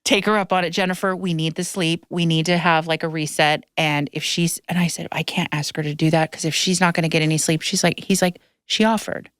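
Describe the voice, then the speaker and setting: A woman podcast host in her thirties, talking into a close, dry microphone with a slightly low voice. She tells long stories in a loose, rambling way, and the memories make her emotional and tearful. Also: fairly even intonation, fairly quick, hardly any pauses, fairly bright tone, smooth, dry recording. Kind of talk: casual chat.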